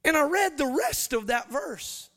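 Preacher guy in his 30s, really high bright voice, gets loud and kinda sings his points. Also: animated, measured pace. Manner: impassioned, confessional preaching, often breaking into loud, sung emphasis. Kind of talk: sermon.

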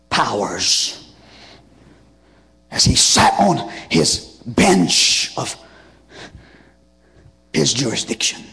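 A man preaching a sermon in a rhythmic call-and-response style, building up to shouted passages. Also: mid-range voice, gravelly, slightly rough.

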